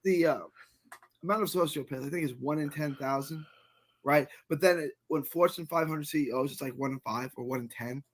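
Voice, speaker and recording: A man's voice: a little high, fairly quick. A man from Texas giving an opinionated video monologue as an online commentator, earnest and prone to repeating words as he builds a point.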